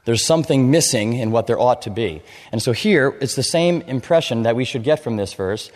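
A man preaching an expository sermon, explaining scripture in a measured way and reading verses aloud. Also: medium pitch, expressive, darkish tone. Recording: long hall reverb.

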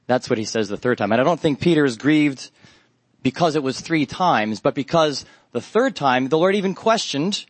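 Male preacher, middle pitch, earnest and measured, close dry sound. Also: no room sound. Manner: measured and earnest, with pauses and fillers. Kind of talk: Bible study sermon.

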